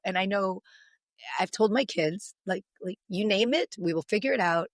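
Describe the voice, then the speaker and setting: A woman in her forties, a podcast guest, telling a long, emotional story in an animated, long-winded way. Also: medium pitch, moderate pace, no room sound, studio quality.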